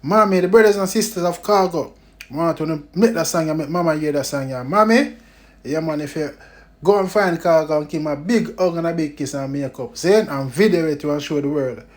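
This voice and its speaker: An animated Jamaican man with a fairly high voice hosts a casual music commentary vlog. He keeps tagging his lines with "you know" and "big up". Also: a little fast.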